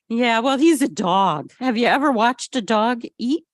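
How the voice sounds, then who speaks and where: A woman reading a picture book aloud at a family service and asking the children questions in an animated way. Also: a little high, measured pace, few pauses, no echo, clean studio sound.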